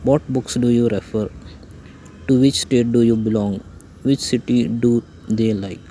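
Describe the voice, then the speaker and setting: Flat-voiced man reciting a grammar lesson. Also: medium pitch, a little slow, slight background noise, low-quality recording. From India. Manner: reads out definitions and example lists one by one. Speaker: English grammar teacher. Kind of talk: slow, even lesson recitation.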